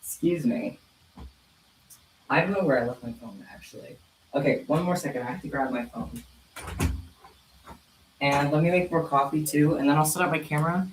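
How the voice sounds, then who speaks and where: A man's voice: a little high, a little fast, long pauses. A man vlogging casually to his viewers, out of breath and apologetic, laughing between phrases. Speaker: crafting vlogger. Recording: echoey room with faint noise.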